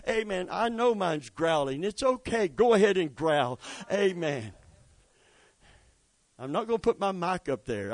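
A man preaching a sermon, swinging from quiet storytelling to loud rising exhortation with asides to the congregation. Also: high voice, no room sound. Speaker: pastor.

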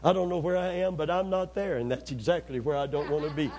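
A man whose voice is a little high preaches at a quick pace. His sermon mixes lively, humorous, folksy storytelling with prompts for the congregation to call back.

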